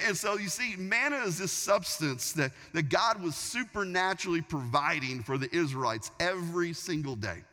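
A man preaching a sermon, telling a story in an animated way, often restarting his sentences. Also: a little high, normal speed, few pauses. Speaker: pastor. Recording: long reverb of a large hall.

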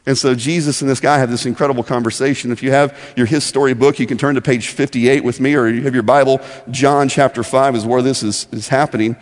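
A man's voice: medium pitch, quick pace, hardly any pauses. Man telling a Bible story in a hall. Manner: animated, repeats words at starts. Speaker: Bible teacher. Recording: long echoey hall reverb.

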